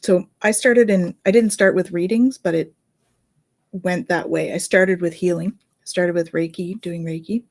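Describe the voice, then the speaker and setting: A middle-aged woman, a Reiki healer and medium, casually telling a story in a chatty, animated way. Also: lowish voice, measured pace. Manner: chatty, animated, with fillers and laughs.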